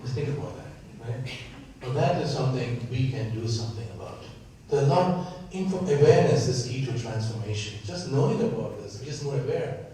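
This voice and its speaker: Heard from far off in an echoey room with slight background noise, a man from San Diego with an Indian accent moderates a panel discussion. His mid-range, warm voice is animated and a little fast, and he's earnest, often checking in with "right?".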